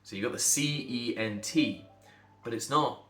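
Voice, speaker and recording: A man teaches pronunciation in a patient, explanatory way, spelling words out letter by letter and modelling each sound. His voice sits at an ordinary middle pitch. The room rings around him, with faint music underneath. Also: measured pace, pushed and bright, roomy sound. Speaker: accent coach. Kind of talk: instructional talk to camera.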